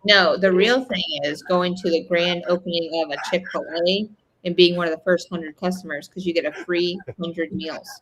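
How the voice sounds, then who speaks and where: A woman's voice: fairly low pitch, steady tone, normal speed, a bit bright. A woman co-host in casual chat, talking in a chatty, agreeable way.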